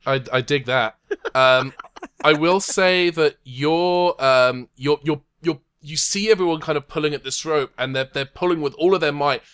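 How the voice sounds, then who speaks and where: A man with a slightly high, fairly bright and clean voice runs a tabletop game over a call from home, narrating and making rulings as game master. He rambles and hesitates, and he's quick to laugh.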